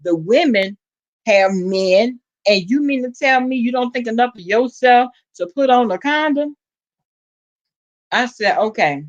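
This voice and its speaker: A woman's voice: unhurried, lo-fi sound. A woman with a Southern US accent telling a gossipy story to her viewers in a casual vlog, acting out the quotes with sudden jumps in her voice. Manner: animated gossip, acts out quotes with big pitch jumps. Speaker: vlogger.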